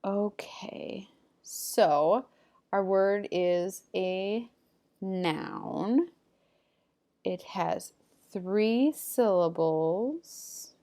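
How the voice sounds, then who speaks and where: A woman teacher at a middle pitch, reading out vocabulary words one by one and pausing for the class to repeat. She speaks clearly and patiently, leading call-and-response drills. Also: mellow. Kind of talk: recorded remote reading lesson.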